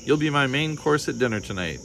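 A man voicing a sly, greedy male fox who talks in a smooth, mocking way. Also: medium pitch, expressive, fairly quick, fairly bright tone, slight background noise, voice pushed up.

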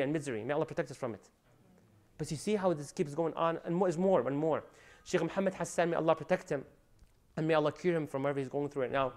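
A man giving an animated religious lecture, preaching with loud rising emphasis and Arabic phrases mixed in. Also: fairly high pitch. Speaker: Islamic lecturer.

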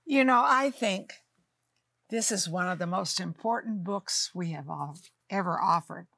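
A woman's voice: fairly low pitch, unhurried, creaky, pushed and bright, dry recording. An older woman co-hosting a talk show, speaking affectionately and calling people honey. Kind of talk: warm studio talk show chat.

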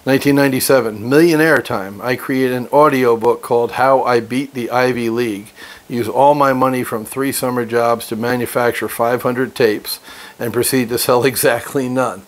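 A man's voice: mid-range voice, fairly even intonation, normal speed. A man reading a book aloud and breaking off into brash, profane motivational commentary, laughing often. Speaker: reader and commentator.

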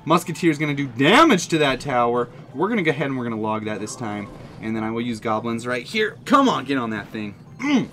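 A man giving excited, jokey running commentary on his own mobile game, talking straight to his viewers. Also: medium pitch, fairly quick, a little hiss or hum. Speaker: gaming channel host. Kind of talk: live gameplay commentary.

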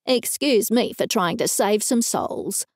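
A woman's voice: mid-range voice, takes it slowly, dry recording, clean studio sound. A woman playing a firm self-righteous preacher man, Australian accent. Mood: firm, sullen. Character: pushy, sullen middle-aged preacher man.

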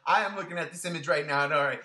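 A man hosting a casual podcast, gushing with excitement, swearing freely and repeating himself. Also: on the high side, racing. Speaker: podcast host.

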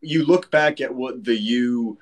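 A man's voice: medium pitch, a little slow. A man voice actor on a panel, teasing and playful in his interjections. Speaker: voice actor, guest. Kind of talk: casual panel chat.

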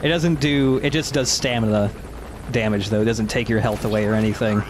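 A man's voice: fairly low pitch, steady tone, fairly quick, noisy background. A young man doing casual, joking game commentary as a let's play host, laughing often.

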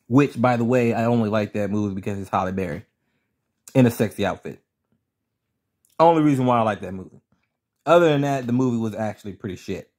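A man's voice: lowish voice, brisk, pauses often, darkish tone. A man reviewing a cartoon episode in a casual pros-and-cons video, blunt, profane and ranting. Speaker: show reviewer.

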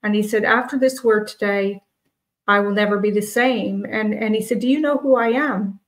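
A woman co-hosting a prayer forum, telling a personal testimony in an earnest, halting way with frequent restarts. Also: medium pitch, low-quality recording. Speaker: co-host of a prophetic prayer forum.

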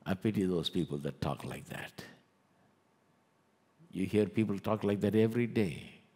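A low, husky-voiced pastor with an Indian English accent delivers a lively sermon. His words ring out with a long echo in a church hall. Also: normal speed. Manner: animated preaching, acts out scoffers.

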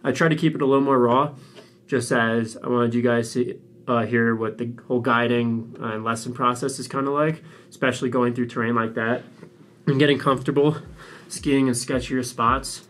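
A man's voice: medium pitch, normal speed. Breathless young man vlogging outdoors. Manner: excited, casual slang. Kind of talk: casual vlog to camera. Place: outdoors on a ski mountain.

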